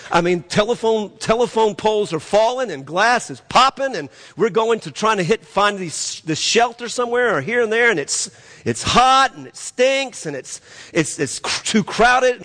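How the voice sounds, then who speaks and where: A man's voice: on the high side, gravelly, a bit bright. A man preaching a sermon, telling a story and repeating phrases as he builds to emphatic peaks. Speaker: pastor. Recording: long reverb of a hall.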